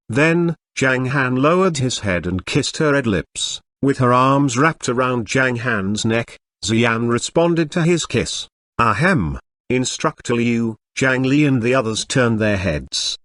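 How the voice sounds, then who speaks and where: Brief: synthetic male storyteller, steady web novel read, dry studio sound. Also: mid-range voice, no room sound. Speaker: narrator. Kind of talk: scripted audiobook narration.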